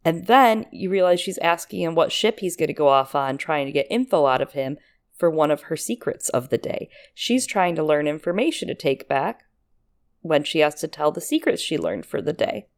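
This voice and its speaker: A woman's voice: low voice, animated, moderate pace. A woman co-hosting a casual book podcast, analyzing the chapter with enthusiasm and frequent laughter. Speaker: podcast co-host.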